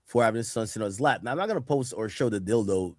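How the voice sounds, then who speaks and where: A man's voice: on the low side, racing, background noise. A man in casual commentary, reading social posts aloud in a matter-of-fact way.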